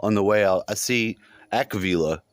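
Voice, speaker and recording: Speaking at normal speed in a voice on the low side, a vlogger narrates a long dream in an echo-free recording. He wanders through it casually, cursing often and saying things more than once.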